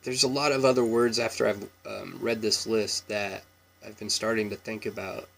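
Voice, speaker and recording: A man's voice: fairly low pitch, moderate pace, gravelly. A man in his thirties from Washington State with a Washington State accent, talking casually through an accent tag with lots of ums and small laughs. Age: 30s. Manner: relaxed and rambling, many ums and chuckles.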